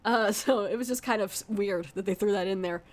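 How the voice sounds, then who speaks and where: A woman's voice: medium pitch, fairly quick. A woman giving a casual, rambling movie review, full of fillers and asides.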